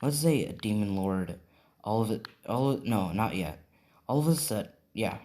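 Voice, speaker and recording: A man's voice: fairly low pitch, animated, moderate pace, dark tone. A man improvising a fan story aloud, rambling and adding "right?" after many lines. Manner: rambling, full of fillers and "right?".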